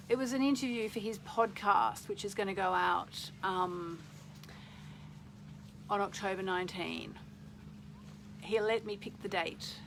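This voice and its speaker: A woman's voice: medium pitch, takes it slowly, creaky, pauses often, fairly bright tone, a little hiss or hum, low-quality recording. A middle-aged woman hosting a casual live stream, chatting in a rambling way and reading out viewer comments.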